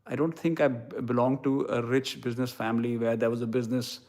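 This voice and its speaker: A man's voice: mid-range voice, level tone, quick pace, a little mellow. A young man with an Indian English accent, casually chatting with viewers and answering their questions in a blunt, irreverent way that includes casual swearing. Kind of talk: casual live-stream chat.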